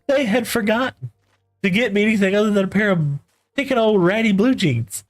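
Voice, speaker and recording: A man's voice: sits high, a little fast, faint music behind. A middle-aged man from West Texas, telling a long rambling story in a folksy, casual way while streaming, full of "you know" and "right?".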